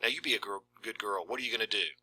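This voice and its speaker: A man voicing a menacing young male stranger, who talks in a falsely gentle, coaxing, hushed way. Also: fairly low pitch, brisk, no room sound, low-quality recording. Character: menacing smooth-talking young man stalker.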